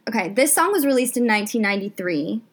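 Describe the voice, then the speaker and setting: A young woman guest on a casual podcast, talking in a relaxed, easy way and laughing often. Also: on the high side, quick pace. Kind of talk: casual chat.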